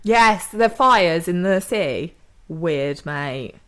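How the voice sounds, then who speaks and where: A woman's voice: fairly low pitch, animated, drawn-out words. A young woman co-hosting a podcast in casual chat, upbeat and slangy. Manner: upbeat, slangy, eager to cheer on. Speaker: podcast co-host.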